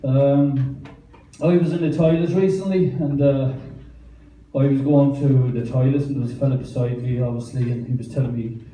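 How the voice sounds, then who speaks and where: An Irish man in his thirties doing rambling, deadpan stand-up at an open mic night. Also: medium pitch, normal speed. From Ireland. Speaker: stand-up comedian. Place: small wine bar open mic night. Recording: roomy, distant bar recording.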